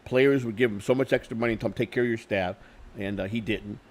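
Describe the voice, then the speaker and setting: A middle-aged man telling stories in a candid interview, swearing freely, repeating and restarting his words, and getting louder when he retells arguments. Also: on the low side, fairly even intonation, fast. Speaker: interview guest. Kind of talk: candid conversational storytelling.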